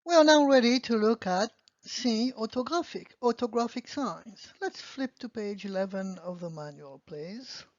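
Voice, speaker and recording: In a fairly high voice, a woman walks beginners through French grammar in an online class, patiently posing questions and answering them herself. The audio is dull, lo-fi and dry, with no room sound.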